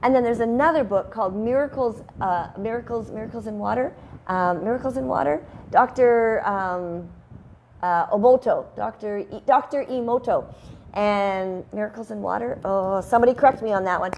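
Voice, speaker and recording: A woman's voice: fairly high pitch, moderate pace, vocal fry, darkish tone, slight background noise. A woman hosting a casual motivational talk from her home, chatty and rambling with frequent sidebars. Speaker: host. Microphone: headphones and microphone at a video call setup.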